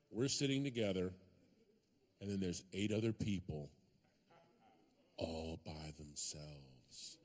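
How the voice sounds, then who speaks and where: High-voiced man doing animated stand-up. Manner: animated storytelling, sudden shouted punchlines. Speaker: stand-up comedian. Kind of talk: stand-up comedy. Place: comedy stage before a live audience.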